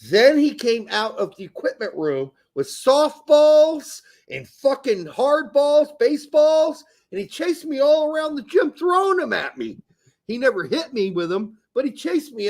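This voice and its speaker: A middle-aged man and podcast co-host, telling a story in profane, animated casual chat. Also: high voice, vocal fry.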